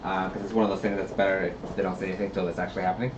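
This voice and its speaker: A man's voice: low voice, flat delivery, very fast. Guy co-hosting a craft stream, laid back, echoey room, faint hiss. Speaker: stream co-host and puppet builder. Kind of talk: casual live-stream chat. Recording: roomy, dull, faint hiss.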